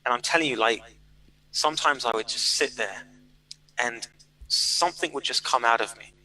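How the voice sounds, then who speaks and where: A man talking in a loose, animated way as a podcast guest. His voice is very bright and forward, and he tumbles through stories with lots of fillers and restarts. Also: mid-range voice, moderate pace, low-quality recording. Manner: animated storyteller, fillers and repeated words. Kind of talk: casual interview chat.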